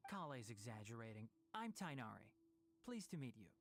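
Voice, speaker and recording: A man voicing a friendly, learned male forest ranger and teacher in a video game, speaking warmly and inquisitively. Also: mid-range voice, big pitch swings, normal speed. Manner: warm and inquisitive.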